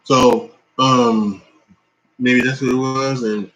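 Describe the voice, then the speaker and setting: Tired man, mid-pitch voice, rambling casual wrestling reaction full of fillers and restarts. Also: steady tone, takes it slowly, a bit bright, low-quality recording. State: tired, yawning. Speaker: wrestling commentator.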